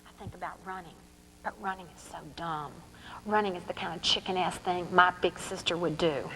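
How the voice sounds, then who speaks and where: A woman's voice: lowish voice, brisk, a little hiss or hum, rough recording. Woman reading her novel aloud. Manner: lively, sly storyteller. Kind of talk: first-person storytelling reading.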